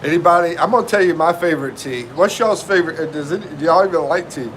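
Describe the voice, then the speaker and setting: A man's voice: on the high side, fast, a bit bright, a little hiss or hum. A middle-aged man from North Carolina, hosting a casual live stream and greeting viewers by name in a laid-back, chatty way.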